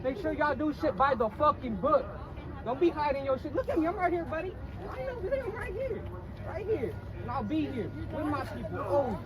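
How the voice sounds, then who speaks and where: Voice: high-pitched, big pitch swings, normal speed. A protester from Minnesota, angry and defiant, speaking out on a city street. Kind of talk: heated street speech. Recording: loud crowd on a city street.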